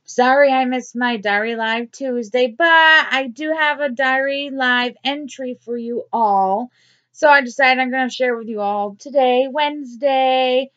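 A woman's voice: sits high, slow, fairly bright tone. A woman reading her own diary entry aloud in a personal vlog, angry and emphatic, repeating herself. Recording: dull lo-fi sound.

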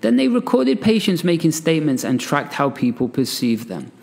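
Brief: a male podcast host with a higher-pitched voice, animated and conversational, in a room with long reverb. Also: normal speed, gravelly. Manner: animated, chatty, laughs often, asides with "right?". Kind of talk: solo podcast talk, reading an article aloud.

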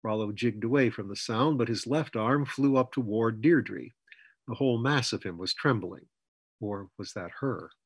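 A man narrating his own fantasy story in a measured reading voice. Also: medium pitch, breathy edge, dry recording. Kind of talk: scripted narration.

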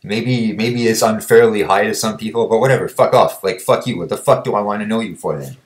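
A man's voice: on the low side, a little fast. A young man vlogging, ranting bluntly and combatively, swearing constantly. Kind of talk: profane ranting monologue.

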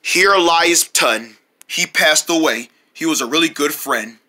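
A narrator of a homemade cartoon, speaking slowly and solemnly. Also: medium pitch, bright, forceful tone.

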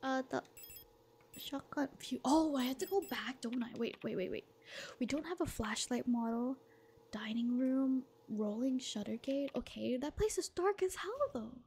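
A young woman streaming a game, chatting casually and brightly with her chat, greeting viewers by name and giggling often. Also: high-pitched, lively intonation, moderate pace, a little hiss or hum. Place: small room with thin walls, indoors.

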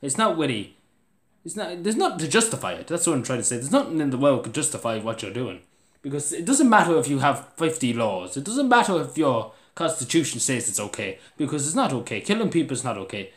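A man's voice: mid-range voice, big pitch swings, fast, roomy sound. A young Irish man venting in a casual vlog, tired and restless, who keeps restarting his sentences and climbs into exasperated outbursts. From Ireland. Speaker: vlogger.

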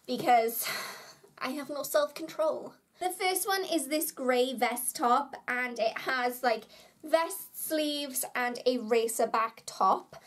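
A young British woman vlogs about her shopping haul in a casual, chatty way. She speaks in a high voice and sounds bubbly, often making fun of herself.

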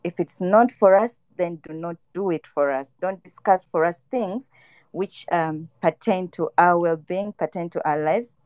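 A woman's voice: lowish voice, a little mellow, smooth, dry recording. A woman panelist with a Ugandan English accent speaking passionately and pleadingly in a discussion. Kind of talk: discussion contribution.

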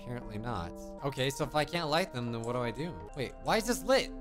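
A gaming video host delivers playful, joking let's-play commentary as he plays, with game music behind him. He is a fast talker with a medium-pitched, expressive voice.

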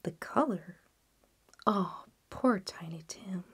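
A woman voicing a gentle, careworn mother in a storybook reading, soft and hushed. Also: a little high, expressive, a little slow, voice pushed up.

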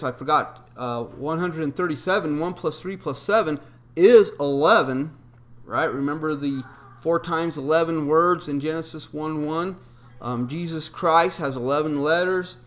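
A man with a somewhat raised voice works through his explanation step by step. He reads out strings of figures and quoted verses in an unhurried way, pausing often on ums and uhs. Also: a little high, a bit bright. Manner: methodical, recites numbers and scripture with filler ums. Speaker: video presenter. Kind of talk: explanatory monologue.

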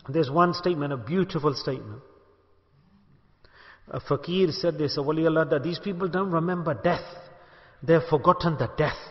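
High-voiced man preaching in an echoey hall. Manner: emphatic, asks rhetorical questions and calls for responses. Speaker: sheikh giving a sermon. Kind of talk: sermon to a gathering. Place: mosque gathering hall in Bolton. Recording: echoey hall, dull lo-fi sound.

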